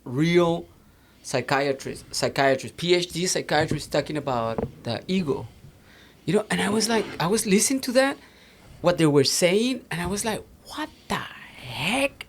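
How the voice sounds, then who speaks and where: A man's voice: a little high, expressive, moderate pace, a little hiss or hum. Rambling man with a Mexican accent. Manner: rambling, lots of fillers and restarts. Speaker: podcast co-host. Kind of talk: casual chat.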